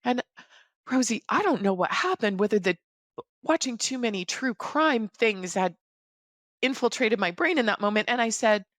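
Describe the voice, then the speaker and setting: A woman's voice: fairly high pitch, expressive, fairly bright tone, no echo. Widowed mother telling her story, dry sound. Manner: measured, reflective storytelling. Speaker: guest. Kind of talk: personal storytelling in a podcast interview.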